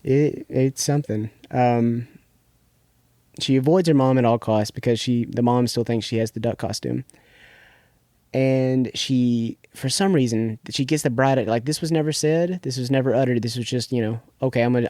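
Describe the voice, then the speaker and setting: A man's voice: mid-range voice, steady tone, normal speed, darkish tone, no room sound, clean studio sound. A young man co-hosting a podcast, casually recapping a TV episode in a rambling way, restarting often and leaning on filler words. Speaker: podcast co-host.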